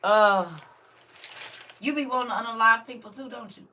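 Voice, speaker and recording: A woman's voice: fairly high pitch, normal speed, sharp tone, far from the mic, slight background noise. An older woman, chatting casually to viewers on a live stream and talking straight to them. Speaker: vlogger.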